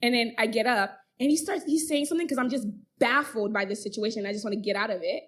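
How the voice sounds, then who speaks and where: Casting: young woman, podcast co-host, lively storyteller, a bit high, laughs a lot. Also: fast talker. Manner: animated, laughs often, acts out others' lines. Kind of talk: casual storytelling chat.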